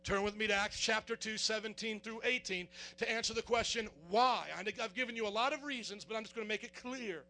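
A male pastor with a strikingly high, bright and forceful voice preaches a sermon. He quizzes the congregation call-and-response style and works himself up into fervent shouting. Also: steady tone, fast, hardly any pauses.

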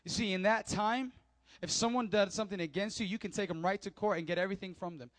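High-voiced man preaching a lively sermon. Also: quick pace, dry recording. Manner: animated preaching, swinging between hushed asides and loud emphatic lines. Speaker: pastor. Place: church service.

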